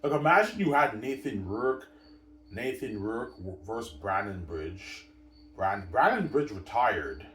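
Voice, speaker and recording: A man with a very low voice rambles through a casual sports talk, repeating points and insisting they are obvious. He sits a bit back from the mic in an echoey room, with a faint hum of ambience behind him. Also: sing-song, a little slow, fairly bright tone. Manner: repetitive, emphatic, keeps saying obviously and addressing viewers. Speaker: sports commentator. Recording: roomy sound from a distant mic.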